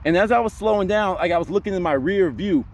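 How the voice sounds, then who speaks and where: Brief: quick-talking young male vlogger, rambling storyteller, slightly high voice. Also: darkish tone, a little hiss or hum. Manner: rambling, heavy on fillers like "you know". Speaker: spiritual vlogger. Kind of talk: casual storytelling vlog.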